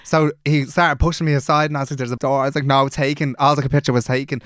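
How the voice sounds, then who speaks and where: A man's voice: mid-range voice, flat delivery, fast talker, fairly bright tone, no echo, studio quality. A young man with a Dublin accent, co-hosting a podcast and telling a story in casual chat, swearing a lot and acting out the people he quotes. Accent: Irish, Dublin. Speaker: podcast co-host.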